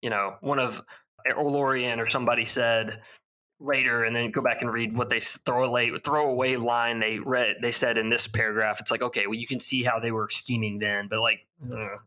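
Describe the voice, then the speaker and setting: A young man co-hosting a podcast, casually recapping a fantasy novel with frequent laughs and quick asides. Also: medium pitch, little pitch movement, sharp tone. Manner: recaps plot with laughs and mock character voices. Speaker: podcast co-host. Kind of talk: casual podcast book discussion.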